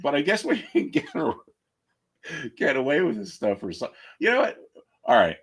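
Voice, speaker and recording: A man's voice: on the high side, wildly swooping pitch, moderate pace, husky. A man hosting a live trading stream, chatting casually and with strong opinions, full of restarts and fillers.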